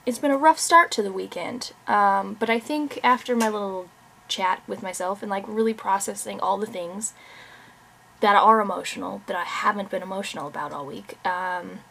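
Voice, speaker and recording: Creaky-voiced woman chatting candidly at home. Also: mid-range voice, fairly bright tone. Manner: candid, rambling, many fillers and restarts. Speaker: author and vlogger. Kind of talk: casual vlog chat.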